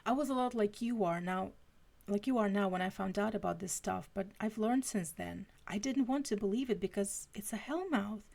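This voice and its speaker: A woman voicing a sweet, nervous teenage girl who rambles in a high voice. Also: moderate pace, vocal fry, darkish tone. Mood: earnest.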